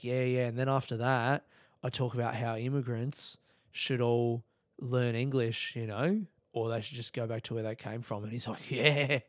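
A man's voice: medium pitch, no echo, clean studio sound. Swearing, rambling male comedian. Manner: swearing, rambling, laughs at his own jokes. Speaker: comedian and podcast host. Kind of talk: solo podcast monologue.

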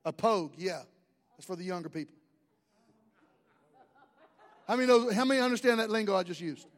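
A man's voice: high voice, lively intonation, very fast, long reverb tail. A man preaching a sermon, conversational, joking with the congregation in asides. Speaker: pastor.

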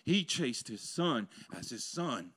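A man preaching a sermon to a congregation in a church, swinging between loud exclamations and hushed intensity, with playful asides to the crowd. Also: medium pitch, sing-song, slow, breathy edge. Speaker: pastor. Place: church sanctuary before a congregation.

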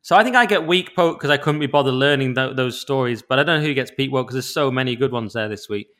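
A man's voice: mid-range voice, fast, bright, forceful tone. A man co-hosting a podcast in casual, jokey chat, laughing often. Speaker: podcast co-host.

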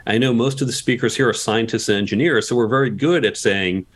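A man's voice: mid-range voice, brisk. A man guest on a podcast interview, explaining communication tips and asking rhetorical questions as he goes.

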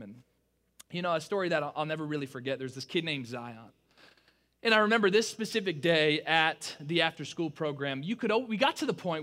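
Bright-voiced young male pastor telling a story. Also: high voice. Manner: conversational, many fillers, drops to a hushed tone when retelling dialogue. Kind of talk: sermon storytelling.

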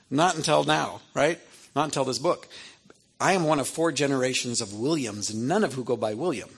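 Gravelly-voiced man telling a story. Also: medium pitch. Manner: conversational, keeps asking 'right?'. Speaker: author speaking to an audience. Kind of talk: personal storytelling talk.

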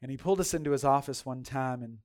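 A male pastor preaching a sermon in a folksy, animated storytelling style, speaking straight to his congregation and swinging from loud to hushed. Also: medium pitch, fast. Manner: folksy, addresses congregation directly.

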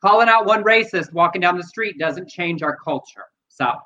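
A man's voice: sits high, lively intonation, moderate pace, sharp tone, lo-fi sound. A man co-hosting a podcast, speaking earnestly and persuasively about politics and news. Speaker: podcast co-host. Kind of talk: casual chat, commentary.

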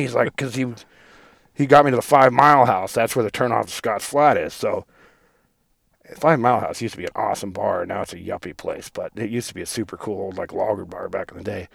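A man's voice: on the low side, brisk, vocal fry, no echo. A man, co-hosting a podcast, telling a long rambling story in casual, profane chat. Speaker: podcast co-host.

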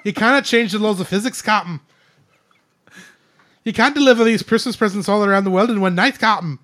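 A man doing a loud, fussy Scottish-accented starship engineer voice as a joke on a podcast. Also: high voice, fairly quick, no room sound, voice pushed up. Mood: fretful. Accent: Scottish, put on.

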